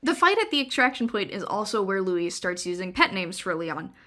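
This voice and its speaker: A woman's voice: mid-range voice, sing-song, a little fast, fairly bright tone. A young woman narrating a scripted video essay in a wry, conversational way with dry jokes.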